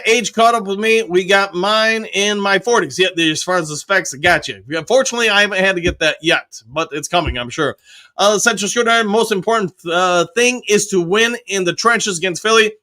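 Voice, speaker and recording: Guy hosting a live stream reading out chat comments, highish voice, casual. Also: bright, forceful tone. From United States. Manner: reads viewer comments aloud and answers briefly.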